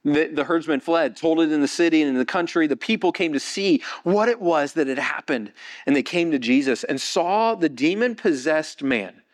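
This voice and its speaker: Speaking at normal speed, a male pastor preaches by vividly recounting a Bible story, working up to excited, high-pitched moments.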